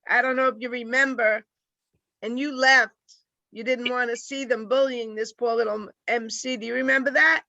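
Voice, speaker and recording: An older woman with a New York accent delivers a rambling stand-up set in a deadpan way, speaking over a video call. Her voice sits high and sounds bright. The audio is dry and dull, like a lo-fi computer mic. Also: normal speed, creaky, no room sound. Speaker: stand-up comic.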